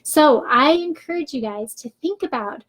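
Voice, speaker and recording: Chatty woman doing a live faith talk, bit high voice, lots of ums. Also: expressive, normal speed. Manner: chatty, upbeat, many ums. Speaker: faith-based business coach. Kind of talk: live video talk to viewers.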